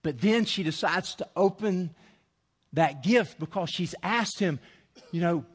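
A male preacher giving an animated sermon, acting out scripture scenes and often restarting his sentences. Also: high voice, a little slow, husky, big-room sound.

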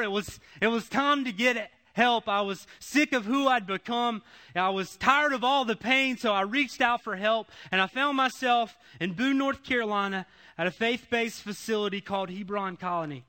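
A man giving an emotional testimony sermon, repeating phrases and swinging between loud, pleading passages and hushed ones. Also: high voice.

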